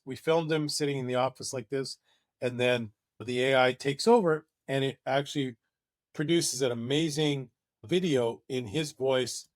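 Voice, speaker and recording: A man's voice: a little high, dry recording, studio quality. Enthusiastic man presenting a webinar. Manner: enthusiastic and conversational. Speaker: marketing agency presenter.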